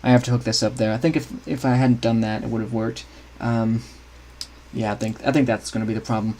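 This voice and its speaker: Brisk and dark-toned, his mid-range voice keeps a fairly even intonation. The young streamer casually works through his game map scripting, voicing his thoughts, restarting often, and talking with his viewers.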